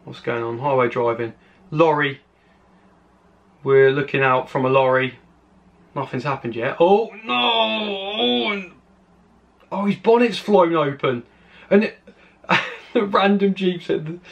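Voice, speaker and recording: A British man hosting his channel, giving excitable reaction commentary on crash videos and exclaiming at each clip. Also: medium pitch, a little slow, long pauses, lo-fi sound. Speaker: channel host.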